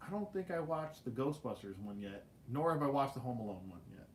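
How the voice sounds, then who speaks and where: A man hosting a casual livestream, telling stories in an animated way with laughs and swearing. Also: medium pitch, brisk, a little hiss or hum. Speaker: livestream host. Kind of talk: casual storytelling chat.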